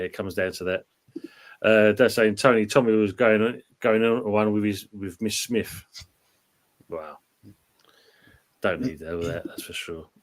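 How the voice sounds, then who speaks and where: A man hosts a casual live show, his low voice easygoing as he reads out viewers' comments. He talks in a relaxed, matter-of-fact way. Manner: relaxed, chuckling, reads chat comments aloud. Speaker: show host reading live chat. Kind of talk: casual livestream chat.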